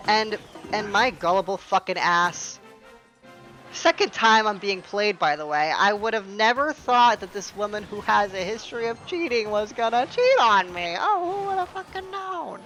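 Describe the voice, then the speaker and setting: A young woman recounts a story for her channel, dry and sarcastic, swearing often and sounding fed up. Her voice sits at an ordinary middle pitch. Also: lively intonation, moderate pace, a bit bright, faint music behind, low-quality recording. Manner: sarcastic, profane, exasperated. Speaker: storytime streamer. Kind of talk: storytime vlog.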